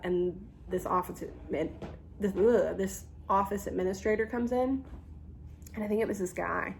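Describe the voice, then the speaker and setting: A young woman telling a storytime vlog, animated and full of ums, acting out the people she quotes. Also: mid-range voice, measured pace, creaky, slight background noise. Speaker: YouTuber. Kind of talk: casual storytime.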